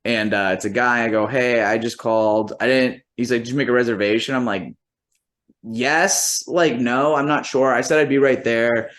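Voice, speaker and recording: A man's voice: mid-range voice, fairly even intonation, normal speed, a bit bright. Rambling, profane male storyteller. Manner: profane, rambling, lots of "like" fillers; quotes people in rough imitation while storytelling. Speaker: musician and comedian. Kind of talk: casual anecdote telling.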